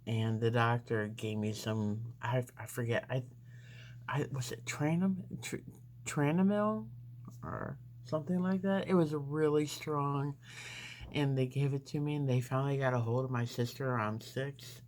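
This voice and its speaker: Slow, rambling woman telling a story. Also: very deep voice, a little mellow, slight background noise. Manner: rambling, unhurried, with frequent fillers. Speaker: beauty vlogger. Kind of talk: casual storytelling while doing makeup.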